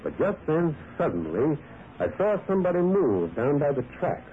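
A man's voice: fairly high pitch, very animated, normal speed. An actor playing a lonely man who lives alone and tells his story in a brooding, dramatic way, in an old radio drama. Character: lonely male prospector narrating his past. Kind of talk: 1940s radio acting. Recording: tinny lo-fi old radio broadcast with faint hiss.

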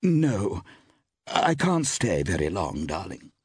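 A man reading aloud, voicing a glamorous, gushing actress with affected, drawn-out endearments. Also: low voice, very animated, breathy edge, no room sound, clean studio sound, full character voice.

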